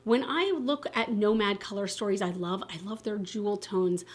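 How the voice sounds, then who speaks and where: A woman beauty vlogger chatting casually to camera, expressive and candid, with lots of fillers and self-corrections. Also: mid-range voice, normal speed. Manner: enthusiastic and candid, swearing casually. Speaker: beauty YouTuber. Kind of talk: casual vlog chat to camera.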